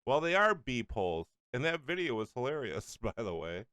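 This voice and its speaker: A man's voice: mid-range voice, very animated, normal speed, fairly bright tone, clear, resonant tone, dry recording, clean studio sound. A man hosting a political radio show, angrily ranting and mocking the clips he plays. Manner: ranting, mocking, often laughing. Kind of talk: angry political commentary over clips.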